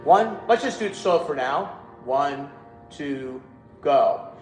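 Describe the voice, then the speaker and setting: A man's voice: a little high, lively intonation, slow pace, darkish tone, roomy sound, soft background music, poor audio. A man leading a choir rehearsal, coaching the singers, counting them in and singing short phrases to show them. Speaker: choir director. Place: rehearsal room.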